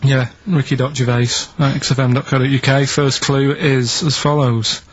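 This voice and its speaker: Deadpan rambling guy doing radio quiz clues, husky voice, dead dry muffled sound. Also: mid-range voice, moderate pace, no echo. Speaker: radio show regular setting quiz clues. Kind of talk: casual radio banter. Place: radio studio. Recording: dull dry lo-fi radio broadcast.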